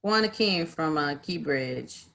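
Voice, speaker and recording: Woman mediator co-hosting a livestream: animated storyteller, lowish pitch, bright and forceful tone, video call. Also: slow, vocal fry. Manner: animated storyteller, acts out quotes, many fillers. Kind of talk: casual conversational chat.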